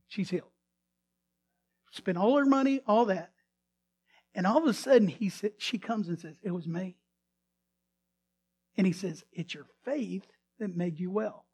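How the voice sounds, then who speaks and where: A man's voice: high voice, husky. A male pastor preaching a sermon who retells a story dramatically and often restarts or repeats his words. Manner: dramatic storytelling, swinging between loud emphasis and hushed tones.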